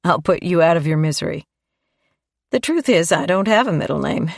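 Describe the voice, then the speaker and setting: A woman narrator voicing a gentle, playful grown man in an audiobook, relaxed and teasing. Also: on the low side, normal speed, vocal fry, dry recording, clean studio sound. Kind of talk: audiobook dialogue.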